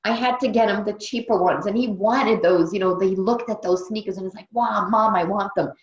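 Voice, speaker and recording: A woman's voice: medium pitch, fairly quick, a little mellow. Woman host, tired and heartfelt, repeats herself for emphasis; roomy, muffled call sound. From Brazil. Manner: earnest, emotional, repeats phrases for emphasis. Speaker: training host. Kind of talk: motivational team training on a video call. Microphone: video call. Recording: dull roomy video call audio.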